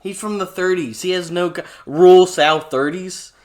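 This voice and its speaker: A man's voice: high voice, normal speed. Blunt young man who laughs a lot. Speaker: podcast co-host. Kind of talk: casual chat.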